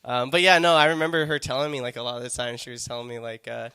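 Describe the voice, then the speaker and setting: A man's voice: medium pitch, level tone, quick pace, hardly any pauses, sharp tone, clear, resonant tone. A man doing a stand-up comedy set, rambling and self-deprecating, with lots of filler words.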